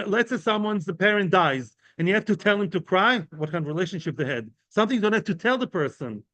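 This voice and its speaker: A man's voice: high-pitched, animated, fast, pushed and bright. A man giving an informal Talmud lesson to a class of men, explaining each term with everyday examples and often checking in with "right?" and "yeah?". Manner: conversational, often asks the listeners "right?" and "yeah?". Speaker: Talmud teacher.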